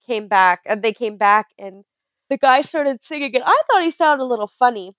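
A woman chatting casually, telling lively stories and acting out other people's voices. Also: on the high side, normal speed, dry recording. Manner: animated storyteller, acts out voices with laughter. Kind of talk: casual chat.

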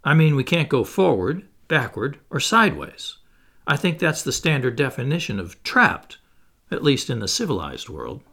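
A man reading the part of a skeptical professor who answers with dry sarcasm and raised, excited exclamations. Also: mid-range voice, moderate pace, full character voice. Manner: sarcastic, then eager exclamations.

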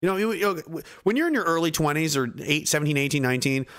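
His voice is expressive, fairly bright, and on the high side, and he talks fast: a veteran Canadian streamer in his thirties. He fires off blunt, profane, heated remarks to his live chat.

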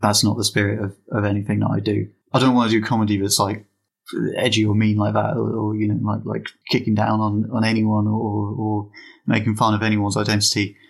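A man's voice: lowish voice, completely flat delivery, a little fast, gravelly. A British man talking casually as an interview guest, thoughtful and hesitant with frequent restarts. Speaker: comedy podcaster, guest.

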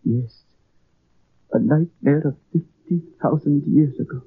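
Frightened Frenchman, French accent, husky, raised pitch, dull old radio sound. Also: unhurried, dry recording. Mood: insistent. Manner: tense, urgent, fearful. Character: frightened French man who believes in a caveman. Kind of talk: 1940s radio acting.

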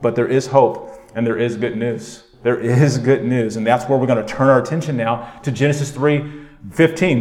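A man's voice: medium pitch, moderate pace. Man preaching in an echoey church. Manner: animated preaching, conversational asides. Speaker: pastor. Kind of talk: sermon. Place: church sanctuary. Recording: roomy echo.

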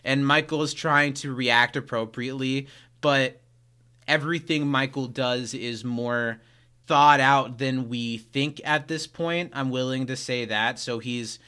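A man's voice: mid-range voice, fairly even intonation, a little slow, bright, forceful tone, clear, resonant tone. A young man co-hosting a podcast, chatting casually as he recaps a TV episode and acts out lines from its scenes. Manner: retells scenes by quoting lines, laughs often. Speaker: podcast co-host.

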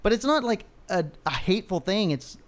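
A man's voice: high-pitched, brisk. A man co-hosting a podcast, ranting in casual chat, heavy on profanity and rambling stories. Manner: profane, ranting, animated storyteller. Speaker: podcast co-host.

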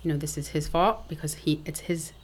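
Low-voiced, matter-of-fact woman guest. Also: brisk, husky. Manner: frank, matter-of-fact storytelling. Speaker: podcast guest. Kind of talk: casual interview talk.

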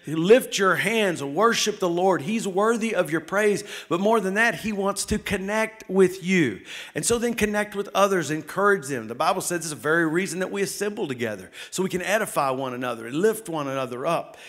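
A man preaching a fast, excited sermon as lead pastor in a church, calling out to the congregation. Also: high-pitched. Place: church sanctuary.

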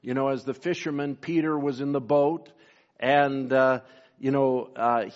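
A man preaching a sermon, pausing often with fillers and reading scripture in old-style wording. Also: fairly high pitch, darkish tone, highs cut off. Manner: slow, halting delivery with many fillers, reads scripture in King James wording. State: briefly emotional. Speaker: pastor.

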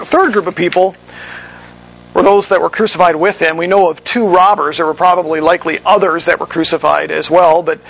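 A man preaching an expository sermon. He walks his listeners through scripture verse by verse in a measured teaching manner and sometimes corrects himself mid-sentence. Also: on the high side, creaky, a bit bright, breathy edge, dull audio. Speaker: pastor.

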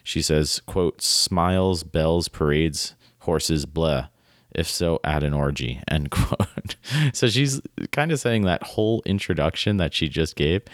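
A man's voice: extremely low pitch, no room sound, clean studio sound. A man hosting a podcast, talking through a short story and reading passages aloud in an eager, rambling way, often asking "right?". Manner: enthusiastic, filler-heavy, often tags "right?". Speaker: podcast host. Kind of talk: casual literary discussion, reading quotes aloud.

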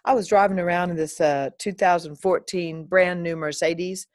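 A middle-aged woman speaks in a lowish voice, chatting straight to her audience as a vlogger. Her story is lively and animated, full of asides and the odd playful swear word. The recording is close and dry, with no room sound. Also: normal speed, no room sound. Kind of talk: casual talking-to-camera monologue.

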